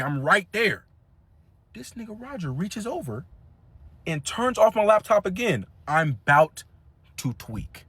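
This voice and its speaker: Animated young man telling a story. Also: high voice, slightly rough. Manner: animated, laughs often, acts out other people's lines. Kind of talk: casual storytelling.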